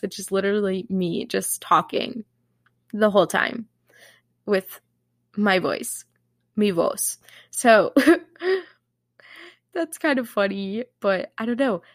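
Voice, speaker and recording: Bubbly young woman, nasal, gravelly edge. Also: mid-range voice, dry recording, studio quality. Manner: bubbly, chatty, full of "like". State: nasal from allergies. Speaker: podcast host. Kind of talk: casual solo podcast chat.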